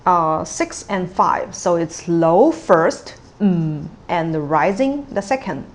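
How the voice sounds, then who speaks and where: Slow, lower-pitched woman teaching tones. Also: sing-song. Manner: patient, drawn-out, models words twice. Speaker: Cantonese teacher. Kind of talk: tone pronunciation lesson.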